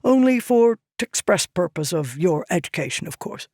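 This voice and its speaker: A woman's voice: on the low side, big pitch swings, moderate pace, a little mellow, no echo, clean studio sound. A woman voicing a grumbling, proud male noble scholar in an audiobook, clipping 'the' to 't''. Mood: grudging. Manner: clips 'the' to 't'', a rustic way of speaking. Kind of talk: audiobook character voice.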